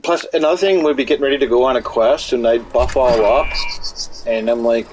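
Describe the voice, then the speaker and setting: A gaming streamer speaks fairly quickly in a mid-range, darkish voice, on a rough recording with a little hiss or hum and game music playing. His casual talk wanders into stories and is laced with profanity.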